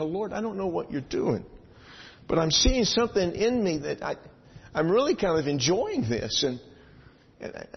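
A man preaching a sermon, telling a personal story with lively swings between loud excitement and hushed asides. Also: medium pitch, husky. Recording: dull sound in a large reverberant hall.

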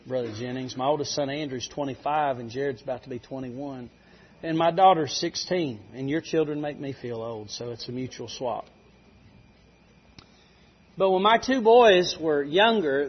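Man, middle-aged, preacher, folksy storytelling, husky, muffled lo-fi sound. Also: a little high. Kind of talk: sermon. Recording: dull lo-fi recording.

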